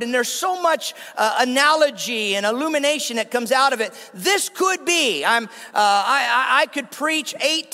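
A man's voice: very high voice, sharp tone. A male pastor preaching a sermon, drawing out key phrases and calling the congregation to repeat them. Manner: call-and-response preaching, stretched emphatic phrases. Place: church. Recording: long hall reverb.

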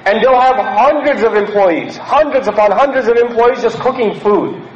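A man from Pakistan giving a lecture as a preacher, animated and acting out quoted characters mockingly. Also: sits high, moderate pace, roomy sound, highs cut off, a little hiss or hum.

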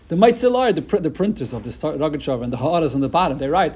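A man giving a casual Talmud lecture, animated and emphatic, often restarting his phrases. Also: on the high side, rapid-fire, slightly rough. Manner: animated, emphatic, with many restarts and Hebrew-Yiddish terms. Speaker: Talmud teacher.

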